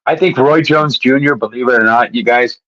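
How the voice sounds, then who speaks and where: Guy rambling about boxing on a stream, excited, restarts a lot, kinda dull lo-fi sound. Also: mid-range voice, a little fast. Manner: rambling, excited, retells fights with quoted voices. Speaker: co-host of a sports talk stream. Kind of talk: casual sports chat.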